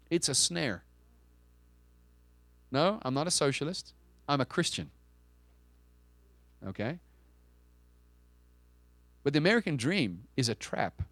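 A man's voice: mid-range voice, dry recording. Emphatic conversational male preacher. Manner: conversational and emphatic, with rhetorical questions and frequent restarts. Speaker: pastor. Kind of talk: sermon.

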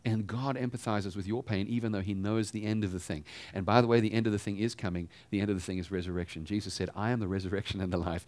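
A pastor giving a sermon in a conversational style, asking the congregation rhetorical questions. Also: male voice, fairly low pitch, fairly even intonation, fast talker, hardly any pauses, darkish tone, dry recording.

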